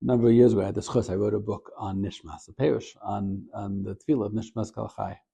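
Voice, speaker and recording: A man, a rabbi and Torah teacher, giving a short Torah talk as an animated storyteller. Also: fast talker, gravelly, breathy edge. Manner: animated storyteller, gets louder and higher at the story's peak.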